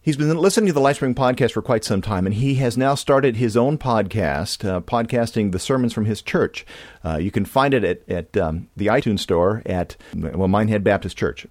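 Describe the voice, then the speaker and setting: A man's voice: on the low side, lively intonation, normal speed, a little mellow, no room sound, studio quality. A man from California hosting a podcast in a casual, rambling monologue with many restarts. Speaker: podcast host.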